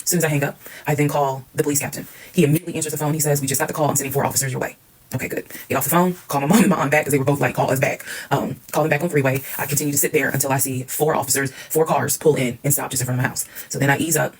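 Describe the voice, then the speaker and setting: Rapid-fire gravelly woman telling a story. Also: deep voice, steady tone, low-quality recording. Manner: candid and emphatic, swears freely. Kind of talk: casual storytime monologue.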